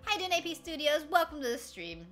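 Young woman streamer rambling to chat, kinda high pitched, faint music behind. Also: sing-song, fairly quick, a bit bright. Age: 20s. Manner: rambling, laughs often, greets chat mid-story. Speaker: livestreamer. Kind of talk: casual chat to stream viewers.

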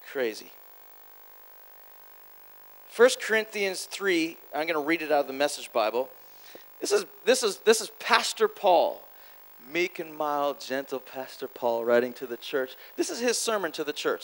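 A man preaching a sermon at a church conference, animated, swinging between loud exclamations and quiet asides, quick and repeating himself. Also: on the high side, rough recording. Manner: quick, with repeated words and restarts. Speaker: guest preacher.

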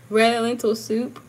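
A young woman chatting casually on a livestream, answering viewers while moving around her kitchen, laughing and emphatic. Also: a little high. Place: home kitchen.

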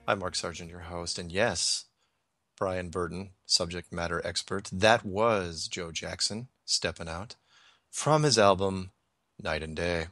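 Guy hosting a radio call-in, rambly, fixes himself mid sentence, kinda low voice. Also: unhurried, a bit bright, no room sound, soft background music. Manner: rambling, self-correcting, reads listener emails aloud. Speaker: radio show host. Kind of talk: casual call-in radio talk.

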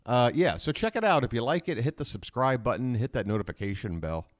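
A man's voice: medium pitch, expressive, a little fast, no echo. Rambling, joking man on a dry mic. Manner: rambling, self-mocking, jokey asides to chat. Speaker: live stream host. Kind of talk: casual live stream chat, reading chat aloud. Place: home desk with laptop.

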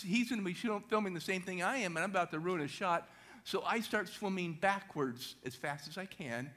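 High-energy man telling a story. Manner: high-energy, animated storytelling with questions to the audience. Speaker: motivational speaker. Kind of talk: storytelling talk to a church audience.

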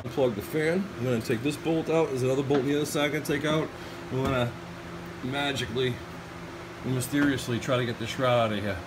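A man hosting casual chat in a garage while working on a truck, animated and joking, laughing often. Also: medium pitch, brisk, noisy background. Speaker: host. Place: home garage.

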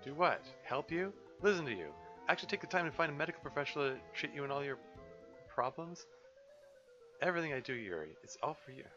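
A man's voice: a little high, lively intonation, quick pace, hardly any pauses, bright, forceful tone, faint music behind, voice pushed up. A man voicing a frustrated young man who presses hard and turns sarcastic. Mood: exasperated. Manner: insistent, sarcastic. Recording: dull lo-fi recording.

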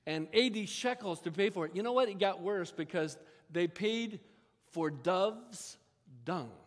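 A man's voice: sits high, animated, measured pace. A male pastor preaching a sermon in a church, talking in a conversational, folksy way with asides to the congregation. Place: church sanctuary. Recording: long reverb of a church hall.

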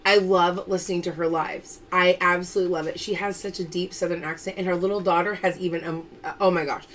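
A woman's voice: fairly low pitch, fairly even intonation, a little fast, a little hiss or hum. A woman hosting a casual live-stream pearl sale from home, chatting and reading out viewer names as she calls results.

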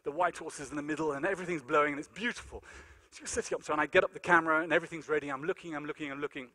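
A man giving a lecture in a large conference hall, telling animated, self-deprecating stories. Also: fairly high pitch, very fast. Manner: animated, self-deprecating anecdotes, many fillers. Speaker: keynote lecturer. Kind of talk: storytelling lecture with acted-out dialogue.

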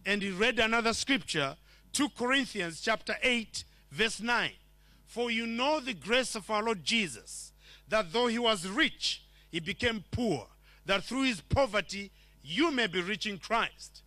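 Male preacher from Zimbabwe, high and bright, dry close sound, storytelling testimony. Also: animated, measured pace, no room sound. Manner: storytelling, acts out quoted lines. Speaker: preacher sharing his testimony. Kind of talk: testimony sermon. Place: church.

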